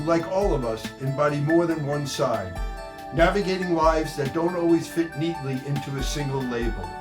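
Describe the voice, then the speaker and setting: Man hosting a podcast over music. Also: fairly high pitch. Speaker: podcast host. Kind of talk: scripted podcast introduction.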